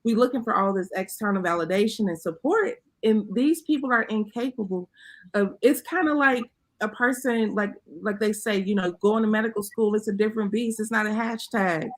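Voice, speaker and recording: A woman's voice: mid-range voice, moderate pace. A woman co-host in a casual chat over a video call, rambling and reflective as she searches for words.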